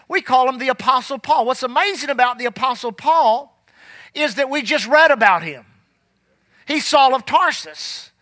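High, bright-voiced preaching man. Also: animated, no room sound. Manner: emphatic preaching with slowed scripture reading. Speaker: pastor. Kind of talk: sermon.

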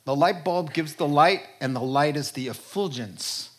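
A man preaching a sermon, emphatic and animated, laughing often and swinging between loud exclamations and near-whispers. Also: a little high, normal speed. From Jewish background. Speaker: pastor.

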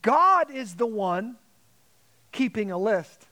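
Pastor, male, very high voice, preaching with dramatic emphasis. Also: sing-song, slow pace, sharp tone. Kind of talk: sermon.

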